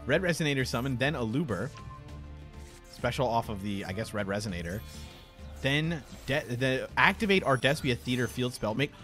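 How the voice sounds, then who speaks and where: A man casually commentating card game replays, excitable and quick to burst into laughter. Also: mid-range voice. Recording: faint background music.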